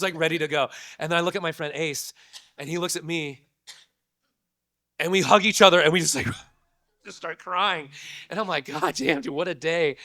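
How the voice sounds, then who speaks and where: A man's voice: fairly high pitch, bright, forceful tone, dry recording, clean studio sound. A young man, a voice actor, telling a story to a convention audience in a casual, chatty way full of "like" and "dude", with laughs between lines. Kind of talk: animated storytelling to a live audience. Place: convention panel room.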